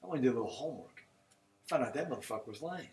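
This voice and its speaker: A man's voice: medium pitch, animated, rapid-fire, a little mellow. A middle-aged man, co-hosting a casual podcast, rambling through stories and acting out what people said, with plenty of swearing. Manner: rambling storyteller, profane, quotes people in dialogue. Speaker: podcast co-host. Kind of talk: casual chat. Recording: roomy echo, mic set back, faint noise.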